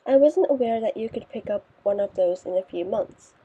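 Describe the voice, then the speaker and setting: A woman's voice: mid-range voice, animated, normal speed, breathy edge. A woman voicing a snobbish rich teenage girl in an audiobook, haughty and condescending. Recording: dull lo-fi recording.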